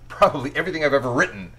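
A man's voice: a little high, low-quality recording. A middle-aged man, an author, talking casually in an interview and animatedly acting out small scenes as he tells stories. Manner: animated storyteller who acts out little scenes. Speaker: author interviewed about his books. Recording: faint ambient noise.

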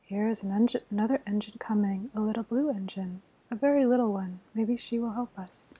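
A hopeful little toy clown from a storybook calls out in a whispered role-play, as a woman reads him. The whisper is breathy and soft. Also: mid-range voice, fairly quick, close to an everyday voice. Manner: eager, encouraging.

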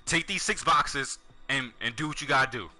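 A young man chatting casually over a game stream, telling profane, animated stories. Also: mid-range voice, normal speed, faint music behind. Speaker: gaming streamer. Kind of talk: casual chat over gameplay.

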